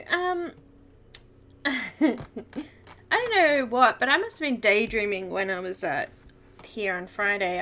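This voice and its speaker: A woman's voice: fairly high pitch, sharp tone. A woman hosting a live coloring stream, chatting casually, giggling often and greeting viewers by name. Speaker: coloring livestream host.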